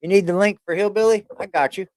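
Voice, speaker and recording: A man's voice: high-pitched, fast, a little mellow, no room sound, clean studio sound. A man hosting a casual live stream, chatting loosely and with plenty of swearing while he talks to his pet. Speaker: streamer host.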